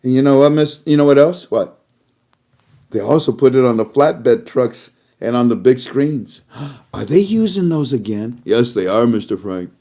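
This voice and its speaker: Hosting an online talk show, a man delivers a casual monologue, teasing an imagined listener with mocking banter. He is expressive and unhurried, swinging between loud, emphatic lines and low, muttered asides.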